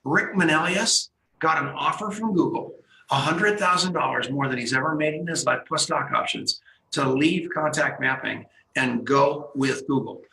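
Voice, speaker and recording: Gravelly, bright-voiced male radio host. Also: fairly high pitch, normal speed, reverberant, a little hiss or hum, low-quality recording. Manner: excited, animated storyteller who acts out dialogue. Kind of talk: energetic radio talk and storytelling.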